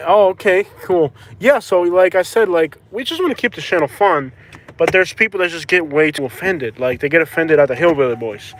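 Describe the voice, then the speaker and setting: A man's voice: on the high side, animated, brisk, slight background noise. A man from Florida chatting casually on a live stream as he walks outdoors near a beach, rambling and repeating himself, recorded on a phone on a stabilizer. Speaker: vlogger hosting a live stream. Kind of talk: casual live-stream chat while walking.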